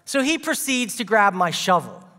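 Lively bright-voiced man preaching in a hall. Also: sits high, normal speed. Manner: animated, comic storyteller with playful asides. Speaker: guest preacher. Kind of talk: sermon with humorous storytelling.

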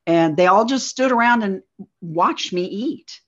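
A woman, a guest, recounting a personal experience in a halting storytelling way, often saying "like". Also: mid-range voice, lively intonation. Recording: dull lo-fi audio.

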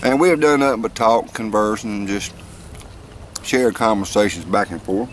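Speaking at normal speed in a lowish voice, a man narrates a casual show-and-tell of his campsite food to the camera. He keeps it folksy and jokey, with slight background noise outdoors.

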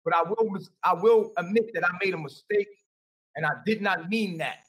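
A man's voice: high-pitched, moderate pace, a bit bright, slightly rough, recorded from a distance, poor audio. A man answering questions on a call, rambling and repeating himself defensively. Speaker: interview guest.

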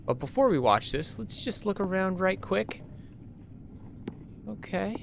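A man's voice: high-pitched, expressive, measured pace, gravelly, noisy background. Jumpy man playing a horror game. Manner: jumpy, swears when startled, reads in-game notes aloud. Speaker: let's play gamer. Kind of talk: horror game let's play commentary.

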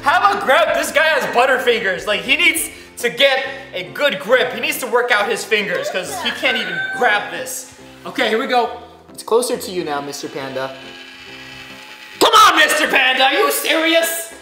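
A man hosting a playful toy unboxing vlog, teasing and pleading with a toy in an animated way. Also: sits high, moderate pace. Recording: echoey room with background music.

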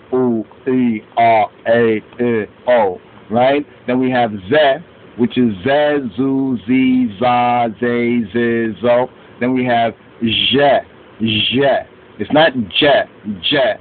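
Man, slow syllable drills, alphabet lesson, tinny phone-like sound, faint hiss. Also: mid-range voice. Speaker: language teacher.

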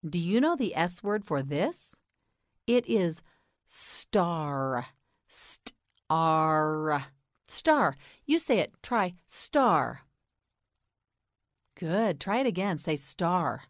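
An American woman teaching English pronunciation in a slow, scripted lesson, patiently repeating each word and encouraging the learner. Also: lowish voice, very animated, no room sound, clean studio sound.

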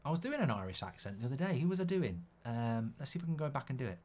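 A man with a middle-range voice hosts a live football watchalong in a casual, chatty way. He reads out viewer comments and answers them with blunt opinions and quick reactions to the play. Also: medium pitch, big pitch swings, a little mellow, a little hiss or hum.

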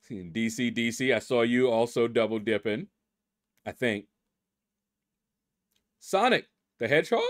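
A man's voice: medium pitch, expressive, measured pace, pauses often. A middle-aged man hosting a gaming channel, casually reading out leaderboard names and musing aloud as he stumbles over them.

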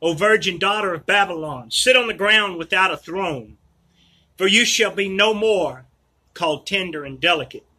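A man reading scripture aloud in a measured, declamatory way. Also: sits high, bright, forceful tone, husky, poor audio. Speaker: scripture reader.

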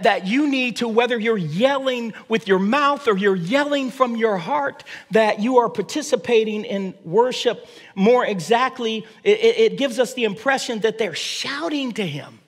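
A pastor delivers a sermon in a high, light voice for a man. His words carry a long reverb, as in a large church sanctuary. He often doubles back and restarts his phrases as he preaches. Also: normal speed.

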